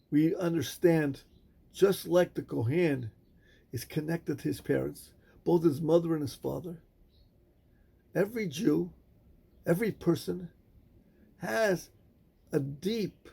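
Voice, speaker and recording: A male rabbi giving a sermon, telling a story with measured, dramatic pauses. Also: on the high side, creaky, mellow, husky.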